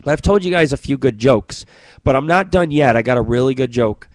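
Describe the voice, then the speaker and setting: A man's voice: mid-range voice, expressive, brisk, poor audio. Profane rambling male radio host. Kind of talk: rambling comedic monologue.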